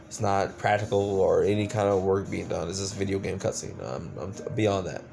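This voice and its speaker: A man's voice: low-pitched, brisk, vocal fry, noisy background. Exasperated man ranting a movie review. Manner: exasperated, profane ranting with many fillers. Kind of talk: casual movie review rant.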